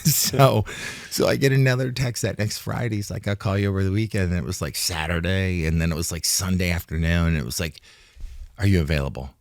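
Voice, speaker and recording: Casting: very low male voice, dry studio sound, rambling retired fighter recounting events. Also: fairly even intonation, brisk, no echo. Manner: rambling, restarts, acts out quoted talk. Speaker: retired fighter, interview guest. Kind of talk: casual storytelling interview. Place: studio in Hollywood.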